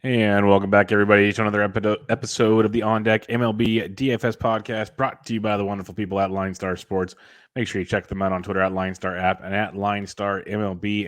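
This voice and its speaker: A man hosting a casual sports podcast, energetic and rambling with lots of jokes. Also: on the low side, dry recording, studio quality. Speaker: podcast host.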